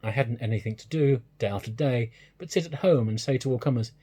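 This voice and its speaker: Husky-voiced man reading a story. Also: medium pitch, fairly quick, hardly any pauses, warm tone. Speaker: reader.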